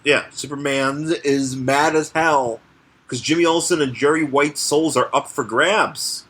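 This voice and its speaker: A man's voice: a little high, steady tone, a little slow, a bit bright, slightly rough. A man co-hosting a podcast in casual comedic chat, rambling and restarting his sentences as he acts out scenes. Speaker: podcast co-host.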